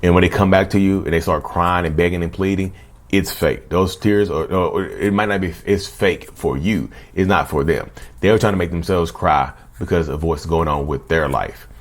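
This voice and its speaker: Deep-voiced man chatting to camera. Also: moderate pace. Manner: conversational, repeats himself, often says "y'all". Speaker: channel host. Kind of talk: casual talk to camera.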